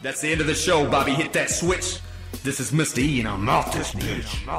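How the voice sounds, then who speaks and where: A man's voice: medium pitch, expressive, moderate pace, over music. A man hosting a podcast, telling stories in a blunt, profane, exasperated rant. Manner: blunt, swearing, exasperated storytelling. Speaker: podcast host.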